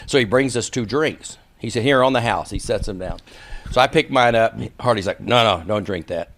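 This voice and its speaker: A man's voice: mid-range voice, fairly quick. A man, a podcast guest telling long stories in a casual way and acting out the people in them. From Texas. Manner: lively raconteur acting out quoted people. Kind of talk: casual storytelling.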